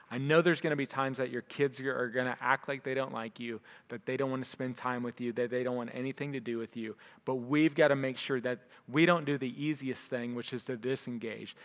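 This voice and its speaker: A man preaches in an easy, conversational way, slipping into the voices of people from his own stories. His voice sits at an ordinary middle pitch. The sound carries the long reverb of a church hall. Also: a bit bright. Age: young adult to middle-aged; father of a young son. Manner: conversational, acts out quoted voices. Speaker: pastor. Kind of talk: sermon.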